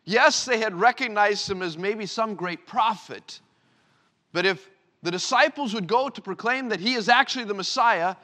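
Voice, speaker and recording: A male pastor preaching a sermon to his church, swinging between loud emphatic lines and hushed, low ones. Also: moderate pace.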